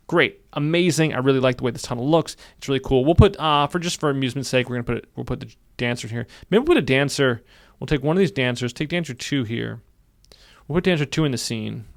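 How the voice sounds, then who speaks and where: A man walks through a software tutorial at a brisk clip, his voice gravelly. He is upbeat and says many lines twice as he clicks along. The sound is dry and close, with no room around it. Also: medium pitch, dry recording. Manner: upbeat, repeats phrases while narrating clicks. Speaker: software instructor. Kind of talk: screen-recorded tutorial.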